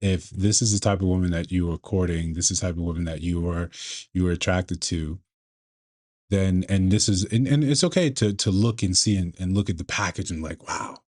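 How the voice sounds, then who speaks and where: A man commenting on a video clip in a measured, lecturing way, often restarting his sentences. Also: low-pitched, darkish tone. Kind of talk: casual commentary.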